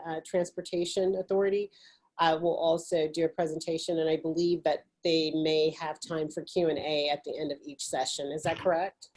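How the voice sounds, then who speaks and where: A woman's voice: on the low side, a little mellow, low-quality recording. A woman with a Southern US accent moderating a webinar, introducing panelists with hesitant, filler-heavy speech. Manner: hesitant, many fillers, apologetic. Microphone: video call.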